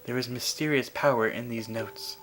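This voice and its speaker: A man's voice: mid-range voice, fairly even intonation, moderate pace, fairly bright tone, a little hiss or hum, close to an everyday voice, poor audio. A man putting on Impa, stern guardian with an Indian accent. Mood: solemn. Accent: Indian, put on. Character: stern protective female guardian warrior.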